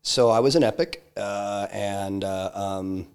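A man being interviewed, telling a personal story in a halting way, full of restarts and fillers. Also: lowish voice, smooth. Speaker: interview guest, entrepreneur.

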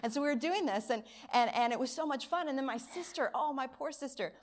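A woman pastor preaching a sermon at a church service, telling a childhood story with lively acted-out quotes. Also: high-pitched, brisk.

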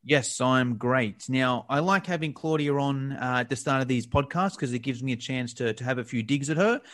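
A man's voice: medium pitch, normal speed, a bit bright. A man hosting a podcast, chatting casually and laughing easily while interviewing a guest on a remote call. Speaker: podcast host.

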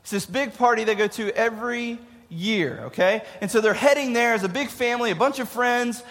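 A man's voice: very high-pitched, a little fast, fairly bright tone. A man in his thirties giving a casual youth sermon, joking and asking the crowd questions. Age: 30s. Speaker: youth pastor. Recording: long hall reverb.

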